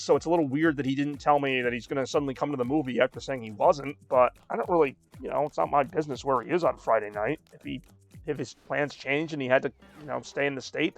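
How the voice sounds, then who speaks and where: A man's voice: mid-range voice, gravelly, dry recording, muffled recording. A man in his thirties streaming a game and chatting casually, rambling with lots of fillers. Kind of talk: casual chat while gaming.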